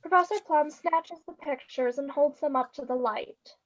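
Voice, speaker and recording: A woman with a high voice reads stage directions briskly and a little wryly. The sound is dull and lo-fi, like video call audio. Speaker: narrator.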